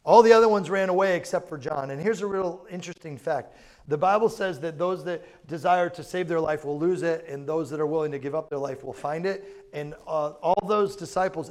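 A male pastor delivers a sermon in an easy, conversational style, with lots of asides to the room. His voice sits a little high for a man. He sounds like he is speaking in a church hall. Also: darkish tone. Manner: informal, chatty asides.

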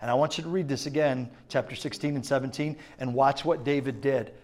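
A man preaching a sermon to a congregation, building from low, quiet points to loud, emphatic passages. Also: fairly even intonation, brisk. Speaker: pastor. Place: church sanctuary.

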